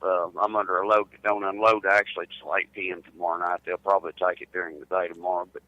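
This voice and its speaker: Low-voiced man chatting. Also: level tone, quick pace, muffled recording. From United States. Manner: drawling, repeats words when starting. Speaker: truck driver calling in. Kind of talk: casual chat.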